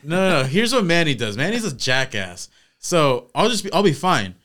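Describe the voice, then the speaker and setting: A man's voice: fairly high pitch, very animated, normal speed, pushed and bright. A man in his twenties co-hosting a podcast, swearing and laughing often in casual chat. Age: 20s. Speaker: podcast co-host.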